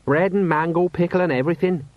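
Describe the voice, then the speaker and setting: A man voicing a slow-witted, worried middle-aged sergeant who rambles in a homely way. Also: on the high side, animated, dry recording, pitched above the performer's own voice. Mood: cheerful. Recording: dull, slightly lo-fi.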